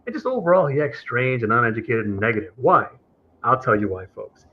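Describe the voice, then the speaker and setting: A man's voice: very animated, fairly quick. A man calling into a live streamed show, arguing in an aggrieved, lecturing way and mimicking the people he quotes. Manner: aggrieved, lecturing, imitates others in higher voice. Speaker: caller on a streamed talk show. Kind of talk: heated debate on a live stream. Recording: dull lo-fi stream audio.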